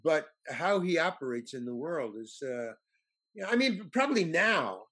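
Male actor guest, lively pitch, husky, rambling casual storytelling. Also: normal speed. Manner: rambling with many restarts and stammers. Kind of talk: casual anecdote telling.

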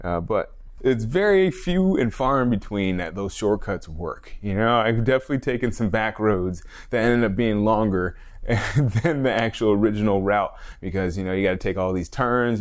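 A man's voice: lowish voice, moderate pace, hardly any pauses. A man hosting a casual solo fitness podcast, a personal trainer who rambles, corrects himself and laughs often. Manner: rambling, self-correcting, frequent laughs and fillers.

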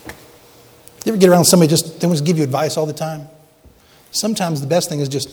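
A man preaching a sermon as pastor, earnest and dramatic, dropping to hushed tones at times. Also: on the high side, fairly quick, long pauses, in a large hall.

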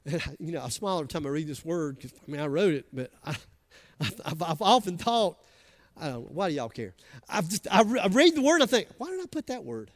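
A man with a Southern US accent preaching a sermon, chatting with the congregation between soft asides and loud emphatic lines. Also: fairly high pitch, sing-song, fast talker. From American South. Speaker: pastor.

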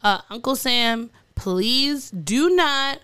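A woman's voice: on the high side, animated, drawn-out words, fairly bright tone, clear, resonant tone, no echo. A woman co-hosting a podcast, telling odd news stories in a rambling, giggly casual chat. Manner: giggly, rambling with fillers and restarts. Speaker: podcast co-host.

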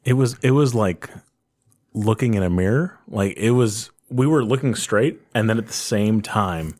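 A man's voice: on the low side, moderate pace, darkish tone. A man joining in on a shared story in a casual chat, emphatic and laughing as he retells it. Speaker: friend in the story.

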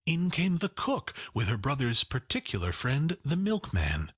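A man narrating a classic story in an unhurried, expressive reading. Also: medium pitch, breathy edge, dry recording, studio quality. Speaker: audiobook narrator.

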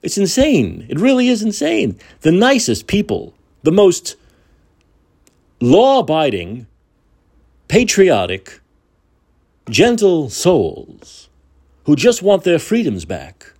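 A man rants on his podcast in a fairly high voice that leaps and drops all the time. He swears, mocks and hammers words by repeating them. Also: huge pitch swings, takes it slowly, long pauses, a little mellow, breathy edge. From United States. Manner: angry, profane, sarcastic ranting. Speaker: podcast host. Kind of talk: political rant monologue.

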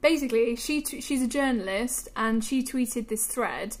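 A woman's voice: a little high, moderate pace. Giggly young woman, chatty. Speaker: podcast co-host. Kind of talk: casual chat.

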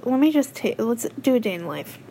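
A very tired woman rambles through a late-night podcast recap, swearing freely and laughing often. Her voice sits a little high. A faint hiss of background noise runs under it. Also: sing-song, brisk, creaky, dark tone. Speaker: podcast co-host. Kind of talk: casual late-night chat.

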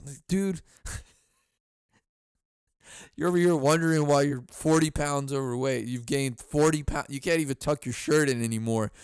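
A man's voice: a little high, fairly even intonation, moderate pace, long pauses, a little mellow, clear, resonant tone, no room sound, clean studio sound. A young man hosting a solo comedy podcast, telling rambling stories full of swearing. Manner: profane rambling storytelling. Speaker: podcast host.

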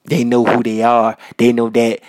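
A man from Minnesota hosting a podcast, talking casually and giving loud, repetitive shout-outs full of slang. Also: mid-range voice, monotone, moderate pace. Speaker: podcast host. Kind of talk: casual solo podcast monologue. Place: North Minneapolis.

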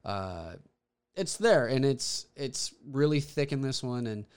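Young male podcast co-host, smooth clear voice, eager and rambling. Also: medium pitch, lively intonation, takes it slowly. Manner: enthusiastic, rambling with fillers and restarts. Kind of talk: casual chat.

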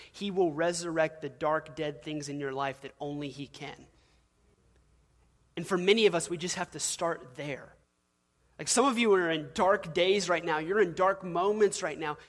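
A man's voice: on the high side, fairly bright tone. A male pastor preaching a sermon, telling stories casually and building to emphatic peaks, in a church. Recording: long hall reverb.

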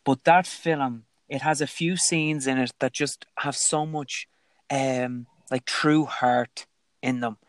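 A man's voice: medium pitch, steady tone, takes it slowly, no echo. A man talking films enthusiastically as a guest on a phone call, with hesitations. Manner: enthusiastic film talk with hesitations. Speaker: podcast guest. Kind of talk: casual chat.

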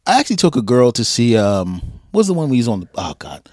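A man hosting a podcast interview, talking in a laid-back way with frequent chuckles and pauses. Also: medium pitch, sing-song, darkish tone, dry recording, studio quality. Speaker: podcast host. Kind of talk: casual interview chat.

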